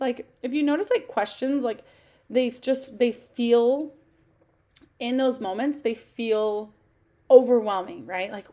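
A woman's voice: a little high, darkish tone. A woman hosting a podcast, talking casually and coaching her listeners, often checking in with "okay?" and acting out sample thoughts. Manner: acts out sample thoughts in quotes. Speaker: podcast host. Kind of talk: casual solo podcast talk.

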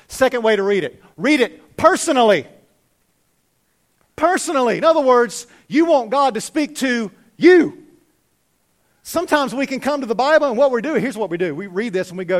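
A man preaching a sermon as pastor, animated, swinging from loud urging to hushed, quiet lines. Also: extremely high pitch, normal speed.

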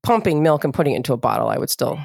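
A young adult woman hosts a casual chat and tells her own story, acting out remembered exchanges in a lively way. She trails off into frequent ums. Her voice is lowish and the sound is close and dry. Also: rapid-fire, gravelly, breathy edge, no echo. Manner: animated, acts out remembered exchanges, hesitant fillers. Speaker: podcast host.

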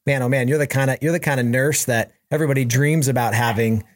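A man hosting a conversation, warmly enthusiastic and halting, with frequent restarts. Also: mid-range voice, steady tone, dry recording. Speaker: host. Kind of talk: casual conversation.

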